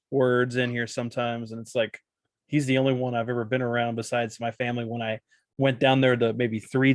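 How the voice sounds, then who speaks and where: A man's voice: mid-range voice, no echo, studio quality. A man with a Texan accent, an easygoing podcast co-host who laughs a lot in casual chat. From Texas.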